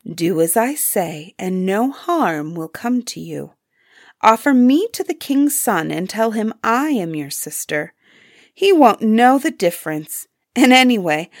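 A woman voicing a scheming wicked young woman who talks slowly and coaxingly. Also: medium pitch, very animated, no room sound, clean studio sound.

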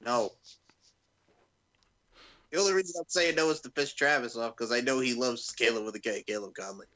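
A man co-hosting a casual wrestling podcast, animated and profane, breaking into loud laughs. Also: mid-range voice, brisk. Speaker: podcast co-host.

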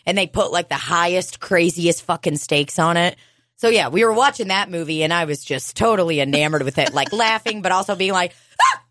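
A woman co-hosting a podcast, telling animated stories in casual chat, swearing and laughing often. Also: fairly low pitch, brisk, no echo, studio quality. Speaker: podcast co-host.

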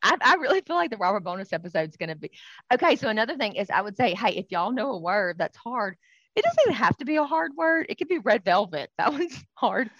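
A young woman co-hosting a casual podcast, talking in an animated, teasing way and laughing often. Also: a little high, fast talker, dry recording, lo-fi sound. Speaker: podcast co-host. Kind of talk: casual chat.

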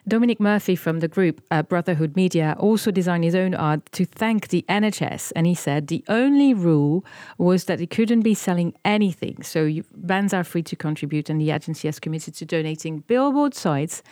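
A woman with a French accent co-hosting a chatty podcast, talking in an animated way with frequent hesitations. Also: on the low side, brisk, no echo, clean studio sound. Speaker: podcast co-host. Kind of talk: casual radio-style chat.

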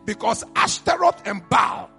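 A man with a Ghanaian accent, a pastor preaching a sermon, rising to high shouts and falling to quiet murmurs. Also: lively intonation, measured pace, vocal fry. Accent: Ghanaian English. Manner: preaching, shouts to a high pitch then drops to a low murmur. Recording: reverberant church hall with music behind.

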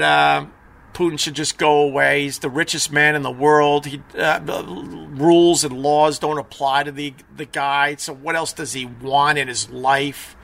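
A man's voice: a little high, gravelly, sharp tone. A middle-aged man hosting a live stream, rambling and sarcastic, a bit stuffy from allergies. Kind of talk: casual live stream rant.

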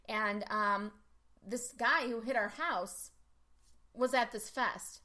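Brief: bright, forceful woman with a slightly high voice, chatty storyteller full of "like" fillers. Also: slow pace. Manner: animated storyteller, lots of "like" fillers. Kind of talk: casual chat.

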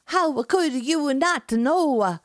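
A woman voicing an excitable young Italian man with a hammed-up put-on Italian accent and a sing-song, broken delivery. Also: extremely high pitch, drawn-out words, dry recording, clean studio sound, pitched above the performer's own voice, exaggerated voice. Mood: fretful. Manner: exaggerated sing-song, dropped articles.

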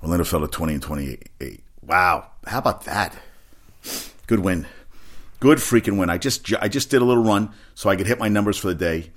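A man who works as a personal trainer, talking casually about sports in a rambling, excitable way with frequent swearing. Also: low-pitched, brisk. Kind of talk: casual sports chat monologue.

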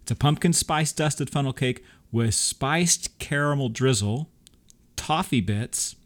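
A man's voice: mid-range voice, lively intonation, a little slow. A man co-hosting a podcast, talking about theme park treats in an enthusiastic, chatty way and laughing often. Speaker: podcast co-host. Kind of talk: casual chat.

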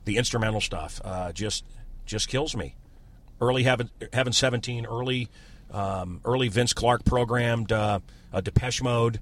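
A man's voice: medium pitch, moderate pace. A man, a radio host in casual chat, ranting and sarcastic. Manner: ranting, sarcastic, mocking voices.

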